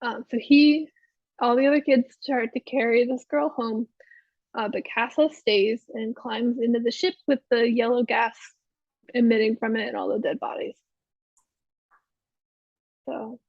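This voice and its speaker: A woman's voice: on the high side, steady tone, a little slow, gravelly, long pauses, no echo, highs cut off. A woman co-hosting a podcast, recapping a TV episode in a rambling, chatty way full of fillers. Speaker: podcast co-host. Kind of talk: casual chat recapping a TV episode.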